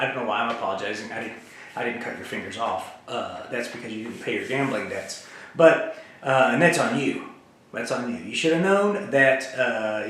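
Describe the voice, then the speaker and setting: A middle-aged man hosts a comedy monologue at a medium pitch, rambling and deadpan as he skips between topics. He talks in fits and starts. His voice rings around a very echoey room. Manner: halting, many fillers and restarts. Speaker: host.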